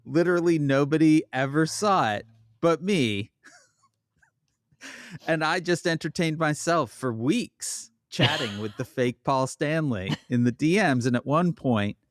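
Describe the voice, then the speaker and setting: A man's voice: fairly high pitch, animated, unhurried, no echo, studio quality. A man co-hosting a podcast in casual chat, reading items aloud and giving brief, amused replies. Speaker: podcast co-host.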